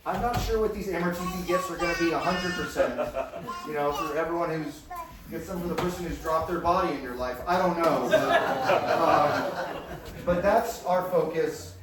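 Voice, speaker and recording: This stand-up performer's voice sits fairly high and keeps a normal speed as he pokes fun at himself, frequently cracking up mid-line. Captured from afar in an echoing hall with a live crowd, the audio carries background noise.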